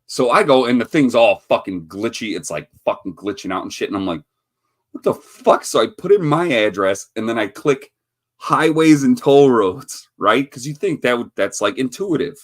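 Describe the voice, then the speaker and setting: A man's voice: medium pitch, expressive, normal speed. A man from the Chicago area hosting a livestream, telling a rambling, profane story that he often breaks up with laughter. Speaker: livestream host. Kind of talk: casual livestream chat.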